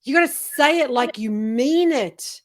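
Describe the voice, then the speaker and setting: A woman hosting an interview, speaking expressively and acting out quotes in a softer voice. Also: high-pitched, animated, a little slow. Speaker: host. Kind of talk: heartfelt interview conversation.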